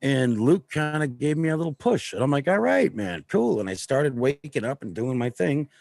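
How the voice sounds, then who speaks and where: Guy with a gravelly voice swearing a lot telling a story on stream, dry sound. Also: mid-range voice, brisk, no echo. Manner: profane, animated storytelling. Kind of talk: casual livestream chat.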